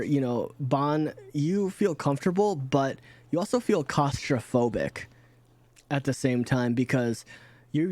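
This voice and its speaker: A man running a tabletop game, rambling through the scene with frequent restarts. His voice sits at a middling pitch. The recording is dry and close. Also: a little mellow, dry recording. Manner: rambling, many fillers and restarts. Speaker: game master.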